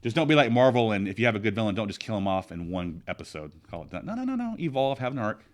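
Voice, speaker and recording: Man, podcast co-host, slightly low voice, chatty, opinionated, rambling restarts. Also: animated, fast talker. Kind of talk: casual chat.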